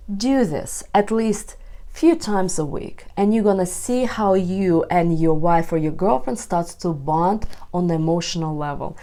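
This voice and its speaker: Woman, relationship coach, direct-to-camera advice, expressive, emphatic, fairly low voice.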